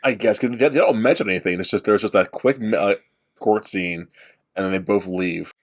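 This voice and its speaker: A man's voice: low-pitched, brisk. A man co-hosting a podcast, talking loosely about a movie with lots of fillers and casual swearing. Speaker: podcast co-host. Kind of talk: casual movie review chat.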